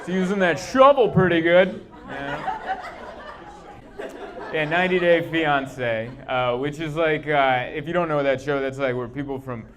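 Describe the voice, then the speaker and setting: High-voiced man doing stand-up. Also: a little slow, some chatter behind. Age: 30s. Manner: deadpan storytelling with acted-out quotes, sudden loud bursts. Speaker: stand-up comedian. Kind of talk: stand-up comedy set. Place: comedy club stage. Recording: live club recording with audible background noise.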